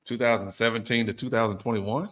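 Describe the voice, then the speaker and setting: A man's voice: mid-range voice, fairly even intonation, fast, fairly bright tone. A middle-aged man from Arkansas with a Southern accent, co-hosting a podcast in an easygoing, casual way and laughing often. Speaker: co-host.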